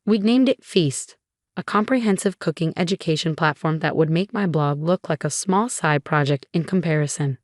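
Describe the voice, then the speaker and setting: A woman reading a scripted first-person revenge story in an even, measured way. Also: low-pitched, no echo, studio quality. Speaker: narrator.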